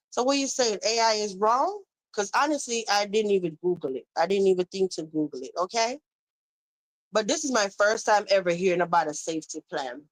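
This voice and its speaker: A woman's voice: fairly low pitch, dry recording, poor audio. Chatty woman on a live stream. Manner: chatty, reads out viewer comments and answers them. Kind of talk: casual live stream commentary.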